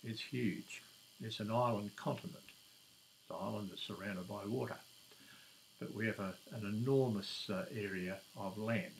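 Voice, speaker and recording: Gravelly Australian man, unhurried. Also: on the low side, a little hiss or hum, rough recording. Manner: unhurried, with many filler sounds and dry jokes. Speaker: channel host. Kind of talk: casual chat to camera.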